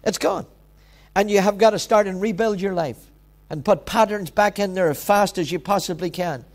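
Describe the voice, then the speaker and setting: Emphatic high-pitched pastor. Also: male voice, normal speed. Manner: emphatic, repetitive preaching with direct exhortations. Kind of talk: sermon.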